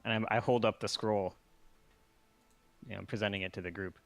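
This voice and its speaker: A man reads a letter aloud and speaks in character at a tabletop game, measured and earnest. His voice sits fairly low and sounds dry, with little room echo. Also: steady tone. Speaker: player. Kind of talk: reading and role-playing in a tabletop game.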